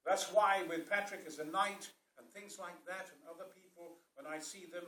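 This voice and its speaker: A man with a Yorkshire accent telling stories about acting in a booming, theatrical way, swinging from a hush to a roar. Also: steady tone, normal speed. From South Yorkshire, England. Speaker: actor. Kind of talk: theatrical storytelling interview. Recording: roomy sound from a distant mic.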